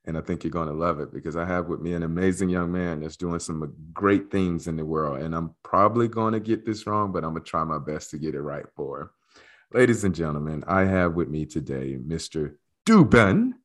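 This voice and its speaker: A male podcast host in casual, playful interview chat, teasing his guest warmly. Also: very deep voice, a little fast. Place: away from his studio, on the road.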